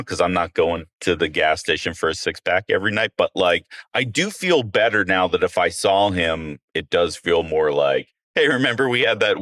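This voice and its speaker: A middle-aged man, a comedian guest on a podcast, telling stories in an animated, self-mocking way. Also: mid-range voice, dry recording, studio quality. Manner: animated, self-mocking storyteller who acts out quotes and laughs often. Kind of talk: casual storytelling chat.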